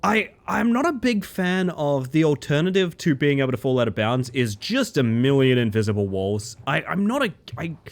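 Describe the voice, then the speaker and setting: A man chatting casually and excitably while livestreaming a game, swearing freely. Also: mid-range voice. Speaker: game streamer. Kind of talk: casual gaming livestream chat.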